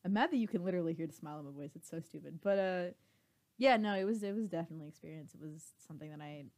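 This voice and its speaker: A woman's voice: low voice, racing, darkish tone. Rambling young woman, podcast banter. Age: 20s. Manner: rambling, laughs often, self-deprecating. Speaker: podcast co-host. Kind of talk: casual chat.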